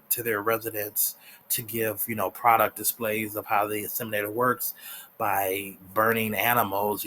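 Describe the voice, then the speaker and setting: A man's voice: lowish voice, a bit bright, slight background noise. A man giving a casual, rambling episode recap, full of fillers and restarts. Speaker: TV show reviewer.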